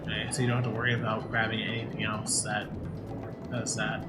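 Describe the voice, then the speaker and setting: A man's voice: on the low side, completely flat delivery, fairly quick. A man chatting casually with a streamer, giving game tips in a rambling, hesitant way full of fillers. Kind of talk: casual chat. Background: game music.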